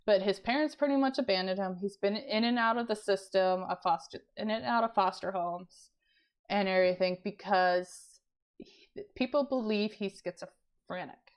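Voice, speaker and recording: A young woman chatting casually about books she has read, laughing often and clearing her throat as she loses her voice. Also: medium pitch, normal speed. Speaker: book vlogger. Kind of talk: casual book review chat.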